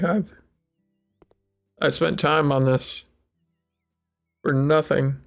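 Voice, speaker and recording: Gravelly, slow-talking man playing a game. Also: on the high side, fairly even intonation, soft background music. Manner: rambling, wry, mock-dramatic sulking. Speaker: gaming channel host. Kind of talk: casual let's-play commentary.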